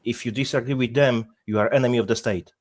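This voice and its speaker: A man's voice: medium pitch, steady tone, quick pace. A man speaking as a guest on a casual panel chat, blunt, crude and scornful.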